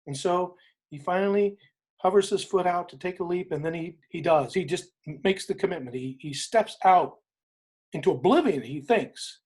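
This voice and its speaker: A man, an interview guest, retelling a story in an emphatic, animated way, often repeating phrases for weight. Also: high-pitched, moderate pace. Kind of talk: inspirational storytelling in conversation.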